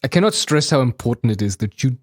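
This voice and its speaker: Man, lively pitch, podcast co-host, reads out reviews, laughs easily, dry sound. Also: fast, dry recording. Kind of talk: casual chat.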